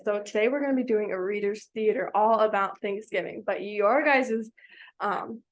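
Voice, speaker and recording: A woman teaching a small reading group, patient and encouraging, asking the children many questions. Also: medium pitch. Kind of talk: classroom instruction to children.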